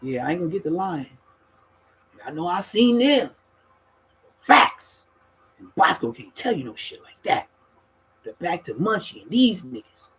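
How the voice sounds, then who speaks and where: A man tells a rowdy street story in a husky, slightly raspy voice that sits a little high for a man. He talks casually and profanely. He breaks into laughter and mimics the people he describes. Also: moderate pace, poor audio. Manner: animated, profane, laughs mid-story, acts out other people.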